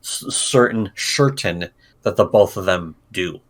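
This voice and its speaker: A man's voice: deep voice, lively intonation, unhurried. A man co-hosting a casual commentary podcast, chiming in with short remarks. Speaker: podcast co-host.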